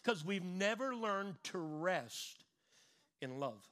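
A middle-aged man preaching a sermon in an animated way, stressing and repeating his points. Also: sits high, slow.

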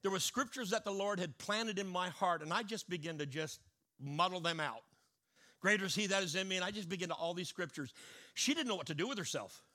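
A man preaching a sermon, telling a story and swinging between hushed asides and loud declarations. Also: high-pitched, expressive, fairly quick.

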